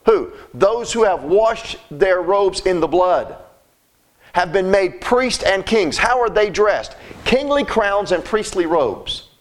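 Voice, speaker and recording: A high-pitched man preaches a sermon, talking to his listeners in a folksy, emphatic manner. He often stumbles and repeats words as he builds each point. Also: expressive, slow pace.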